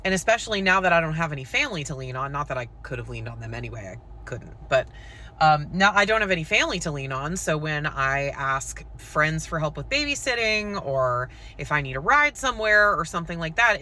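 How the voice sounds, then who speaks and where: This woman, a poet and content creator whose children are school-age, talks very fast and with lots of animation in a deep, sharp-toned voice. She tells a personal story to the camera in a candid, chatty way, leaning heavily on "like" and "um".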